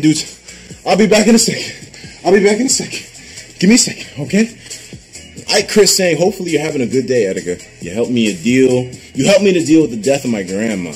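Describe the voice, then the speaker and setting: A man talking casually on his livestream, swearing freely and reading out viewer messages. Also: mid-range voice. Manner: animated, swearing, bursts into laughter; reads out viewer donation messages.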